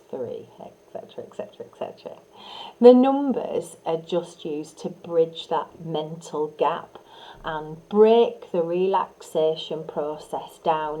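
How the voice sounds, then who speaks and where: Woman trainer, calm instructional delivery, unhurried, warm and mellow tone. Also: low-pitched, low-quality recording. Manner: calm, soothing, with soft demonstration whispers; frequent fillers and restarts. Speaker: hypnotherapy trainer. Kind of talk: instructional teaching talk.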